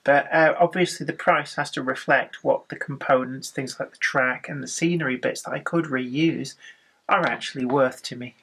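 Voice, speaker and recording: A woman's voice: a bass voice, moderate pace, fairly bright tone, slightly rough. A woman chatting eagerly in a casual vlog, explaining the game and her hobby plans. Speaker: co-host and opponent. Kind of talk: casual chat.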